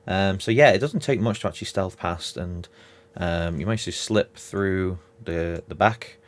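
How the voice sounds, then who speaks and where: A man narrating as game master of a tabletop game, relaxed and reassuring, with many ums. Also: low-pitched, moderate pace.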